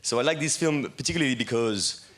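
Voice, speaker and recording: A man's voice: mid-range voice, fast talker, a bit bright. A man in his thirties with a French accent, giving a casual, self-deprecating talk on a conference stage, full of fillers and restarts. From France. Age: 30s. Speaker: bar owner giving a talk.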